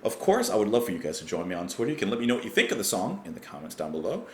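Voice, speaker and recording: A man's voice: on the low side, wildly swooping pitch, rapid-fire, echoey room, a little hiss or hum. A man hosting a music reaction channel, thoughtfully reading lyrics aloud and explaining what they mean. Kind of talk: song reaction and lyric breakdown.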